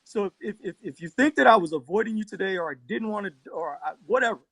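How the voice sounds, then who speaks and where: A man with a fairly high voice and a rough, gravelly texture, breathy around the edges, talks into his phone during a live argument. He swears constantly and rambles, circling back through his story. The sound is close and dry. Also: lively intonation, fast, fairly bright tone, dry recording. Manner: profane, rambling, worked-up storytelling. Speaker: livestream debate participant. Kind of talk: heated live-stream argument.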